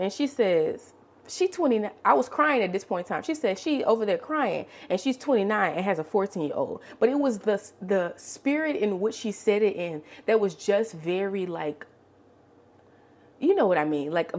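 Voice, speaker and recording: A woman in her late twenties talks straight to her viewers in a casual vlog storytime. She speaks with open, raw feeling and leans on "like" at every turn. Her voice sits at an ordinary middle pitch for a woman. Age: 20s. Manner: emotional, candid, many "like" fillers. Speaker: vlogger. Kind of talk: storytime while cleaning.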